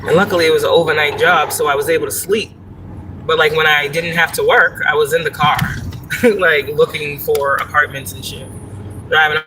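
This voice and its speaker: A woman's voice: low voice, fairly even intonation, normal speed, background noise. A woman chatting casually on a live stream while driving, profane and rambling, laughing often. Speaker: spiritual vlogger. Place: in a car, driving. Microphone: phone.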